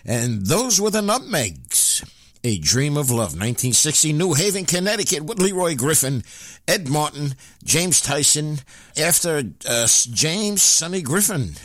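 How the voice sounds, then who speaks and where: A male radio DJ whose pitch bounces up and down as he talks, stopping often on filler sounds between names and dates. His voice is dry and close to the mic, with no room sound. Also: big pitch swings, a bit bright, no echo. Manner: rambling, frequent filler pauses. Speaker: radio show host and DJ. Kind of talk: casual radio announcing.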